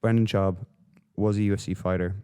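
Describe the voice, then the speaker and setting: A man's voice: low-pitched, fairly even intonation, a little fast, warm tone, clear, resonant tone. A man hosting a solo podcast, rambling and swearing through casual commentary with lots of fillers. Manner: profane, rambling, with frequent fillers. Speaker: podcast host.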